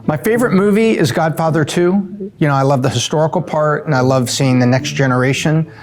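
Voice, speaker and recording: A middle-aged man from the US East Coast answers rapid-fire questions in a relaxed, chatty way, often restarting his sentences. His voice sits fairly high for a man, and faint music plays underneath. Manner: upbeat, chatty, with fillers and self-corrections. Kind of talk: casual Q&A answers.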